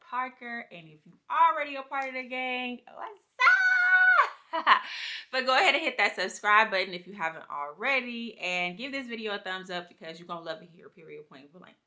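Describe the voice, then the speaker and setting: A woman's voice: fairly low pitch, bright, forceful tone. A woman in her thirties speaking candidly in a personal vlog, heartfelt and slangy, talking straight to her viewers. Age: 30s. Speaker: vlogger.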